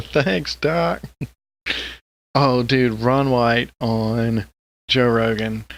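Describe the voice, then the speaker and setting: Male podcast co-host, gravelly, excitable and profane, casual chat. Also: medium pitch, extremely slow. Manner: excitable, profane, animated retelling.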